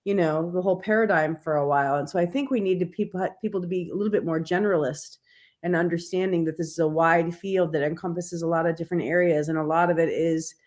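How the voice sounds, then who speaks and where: A woman co-hosting a radio talk show, chiming in with agreeable, quick remarks. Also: lowish voice, fairly even intonation, a little mellow. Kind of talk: casual radio interview chat.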